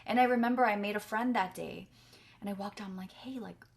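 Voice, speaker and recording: A woman's voice: mid-range voice, fast. Chatty young woman vlogging to camera. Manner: chatty, filler-heavy with frequent "like"; earnest and effusive. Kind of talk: casual chat to camera.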